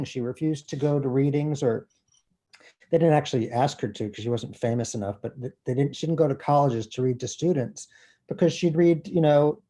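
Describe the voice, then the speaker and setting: Profane, animated man with a warm voice. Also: on the high side. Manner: animated, profane, self-deprecating. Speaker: author guest. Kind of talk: conversational interview. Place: bookstore event.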